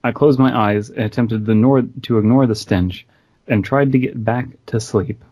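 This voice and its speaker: Man, podcast host, mid pitch, reads a creepy story aloud, dry joking asides, video call. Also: normal speed, dark tone, highs cut off. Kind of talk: reading a horror story aloud between casual chat.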